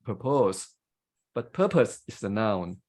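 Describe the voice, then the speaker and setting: A man's voice: on the low side, very animated, slow, a little mellow, poor audio. A man with a Thai accent giving grammar and pronunciation feedback as a club grammarian on a video call, explaining carefully with examples.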